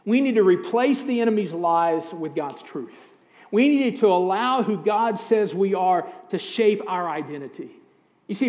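A middle-aged pastor delivers an earnest sermon, speaking directly to his congregation. His voice sits high for a man, and it rings out with a long reverb through the church sanctuary. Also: darkish tone. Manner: earnest, direct address to congregation with scripture readings.

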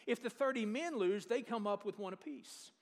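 High-voiced man preaching a sermon. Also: normal speed. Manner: lively storytelling with jokes and questions to the congregation.

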